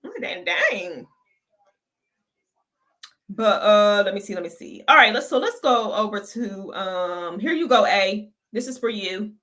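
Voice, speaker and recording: Bright, chatty woman reacting to videos. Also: medium pitch, expressive, moderate pace, hardly any pauses. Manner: chatty, gossipy, laughs often. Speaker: reaction channel host. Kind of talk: casual reaction commentary.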